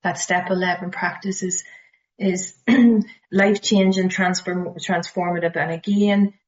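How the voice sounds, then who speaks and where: A woman with a Northern Irish accent leading a recovery study group, speaking slowly and emphatically, sometimes dropping to a near-whisper. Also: fairly low pitch, fairly even intonation, muffled recording. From Northern Ireland. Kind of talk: earnest study-group talk.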